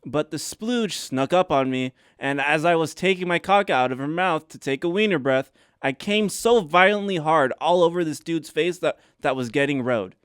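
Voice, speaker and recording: A man's voice: a little high, moderate pace, hardly any pauses, clean tone, no echo, studio quality. A man on a comedy podcast reading a listener's letter aloud with emphatic, mock-dramatic delivery.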